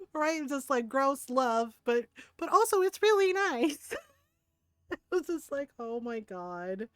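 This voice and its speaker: High-voiced woman telling a lively story. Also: slow, pauses often, no room sound, studio quality. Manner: animated storyteller, laughs often, tags lines with "right?". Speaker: game streamer. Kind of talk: casual chat.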